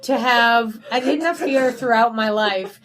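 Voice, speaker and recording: A woman hosting a podcast, talking in a relaxed, chatty way full of fillers. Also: fairly high pitch, moderate pace. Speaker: podcast host. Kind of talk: casual podcast chat.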